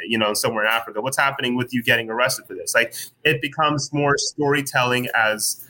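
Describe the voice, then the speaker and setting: A man talking in a relaxed interview, thoughtful and searching, with many fillers and restarts as he works through his ideas. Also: medium pitch, quick pace, poor audio. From United States. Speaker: guest writer. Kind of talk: casual conversational interview.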